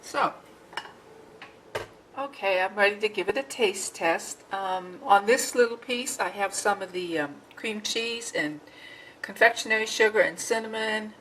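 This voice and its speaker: A woman with a mid-range voice speaks at a measured pace, and the rough recording carries a little hiss or hum. She's a vlogger chatting casually in her home kitchen for a cooking vlog, mixing and tasting her baking as she goes. Her manner is relaxed and chatty, and she keeps talking while she tastes.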